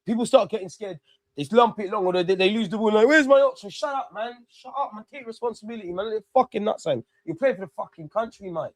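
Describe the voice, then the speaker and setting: A man reacts live to a football match, ranting and swearing in an excitable stream. His voice sits high for a man. The sound is dry and close to the mic, with no room echo. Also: fast talker. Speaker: watch-along host. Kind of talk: live football watch-along commentary.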